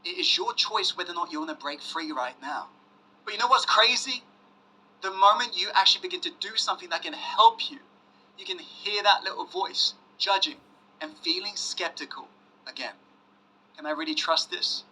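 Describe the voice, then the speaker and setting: A man giving a motivational self-help masterclass, pressing the audience with questions and dropping to hushed emphasis. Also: sits high, animated, fairly quick, slightly rough, rough recording. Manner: emphatic, asks audience to say yes, swings loud and hushed. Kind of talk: motivational webinar talk.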